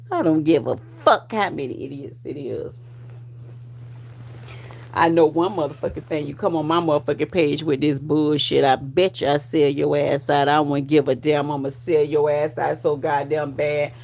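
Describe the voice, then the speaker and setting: A woman in her forties ranting at her online viewers, profane and confrontational, with loud bursts of laughter. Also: sits low, unhurried, gravelly, slight background noise. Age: 40s. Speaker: vlogger.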